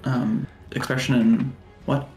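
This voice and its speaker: A man playing in a tabletop game, speaking hesitantly with many pauses and fillers, using polite formal phrasing in character. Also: medium pitch, flat delivery, darkish tone, soft background music. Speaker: player. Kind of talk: in-character role-play.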